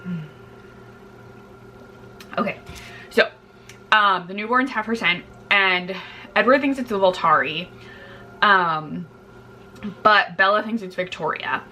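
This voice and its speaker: A woman's voice: medium pitch, slow, long pauses, bright, forceful tone, slight background noise. A tired woman chatting casually to her vlog camera at home while making coffee, rambling with fillers and getting heated as she rants. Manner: chatty, rambling, heated when ranting about the plot. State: tired in the early morning. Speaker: book vlogger.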